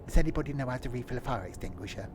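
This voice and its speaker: A man voicing a cheerful male train guard who reads formal on-board announcements with deadpan jokes. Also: mid-range voice, racing, background noise, close to an everyday voice. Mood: deadpan announcing.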